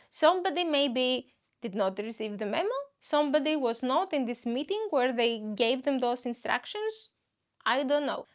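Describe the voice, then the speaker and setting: A woman from Greece, hosting a podcast and telling a comic story in an animated way, acting out what other people said. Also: high voice. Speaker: podcast host and comedian. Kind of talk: comedic storytelling monologue.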